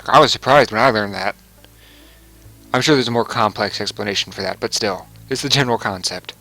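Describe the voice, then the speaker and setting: Talking a little fast in a lowish, sharp-toned voice, a young gaming commentator rambles casually through a let's play, chuckling and fixing his own slips as he plays. Faint music sits behind him, and the audio quality is poor.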